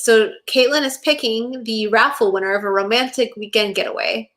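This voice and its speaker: A young woman co-hosts a casual podcast with a slightly high voice. She chats in an animated way and keeps slipping into quick impressions of the characters she's recapping. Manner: animated, acts out characters' lines in quick quotes. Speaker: podcast co-host. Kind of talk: casual chat recapping a TV episode.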